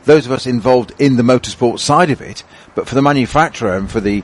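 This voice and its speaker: Male co-commentator, mid-pitch, rambling anecdotal storyteller, faint engine hum behind. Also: quick pace. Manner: rambling storyteller with many restarts. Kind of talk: anecdotal motorsport chat.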